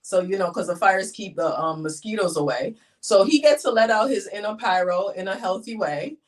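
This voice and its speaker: A middle-aged woman from the United States, a guest in a casual interview, telling her story with lively acted-out quotes. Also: mid-range voice, normal speed, far from the mic. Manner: animated storyteller, acts out quotes.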